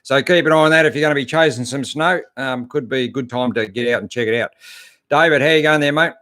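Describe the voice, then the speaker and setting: A man's voice: mid-range voice, fast talker, bright, forceful tone, no room sound, clean studio sound. A middle-aged Australian man hosting a live-stream chat, laid-back and chatty, greeting viewers and answering their questions with plenty of fillers. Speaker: host.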